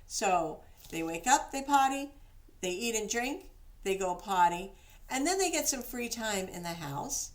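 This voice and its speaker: A woman's voice: fairly high pitch, very animated, a little slow. A woman dog trainer giving casual, practical instructions, now and then acting out the praise she gives a dog.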